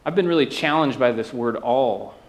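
A pastor with a mid-range voice speaks at a normal pace, preaching to his church in a conversational way. He often checks in with the congregation, using asides and tag questions.

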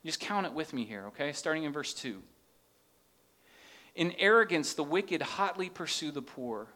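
A man's voice: on the high side, expressive, moderate pace, pushed and bright. A man preaching a sermon, earnest and rising into impassioned questions as he reads scripture. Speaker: pastor.

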